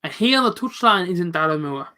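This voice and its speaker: A young man with a high, bright voice hosts a live football reaction stream. He chats casually with his viewers, answering them by name in loose, everyday slang. The talk is relaxed and unscripted. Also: a little fast. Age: late 20s. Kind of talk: casual live commentary reading chat.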